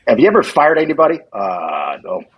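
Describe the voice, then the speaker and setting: A man's voice: mid-range voice, fairly quick, lo-fi sound, a little hiss or hum. A middle-aged man, a guest on a podcast, casually telling stories and acting out what others said, with lots of restarts. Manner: animated storyteller acting out quoted lines, many restarts. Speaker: former hockey general manager, guest. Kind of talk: casual chat, storytelling.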